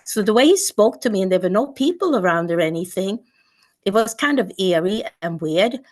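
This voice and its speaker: A woman's voice: mid-range voice, animated, moderate pace, darkish tone. Older woman recounting a memory. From Sweden. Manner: vivid recounting with repetitions and restarts. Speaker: guest speaker. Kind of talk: personal storytelling.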